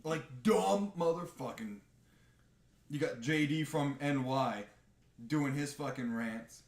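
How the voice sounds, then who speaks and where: A man on a live podcast, chatting casually in a profane, animated rant. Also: on the high side, slow pace, roomy sound. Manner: animated, profane ranting with mocking impressions. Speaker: podcast co-host.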